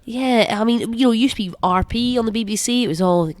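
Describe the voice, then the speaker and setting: A woman with a Scottish accent who works as a local radio presenter, chatting in an interview in an animated way and fond of doing voices. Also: a little high, fast talker, dry recording. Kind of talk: casual interview chat.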